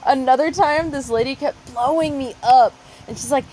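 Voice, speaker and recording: A woman's voice: sits high, expressive, brisk, dark tone, slight background noise. A woman co-hosting a podcast in casual chat, swearing freely, laughing often and acting out the people in her stories. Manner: profane, laughing storyteller who acts out voices. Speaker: podcast co-host.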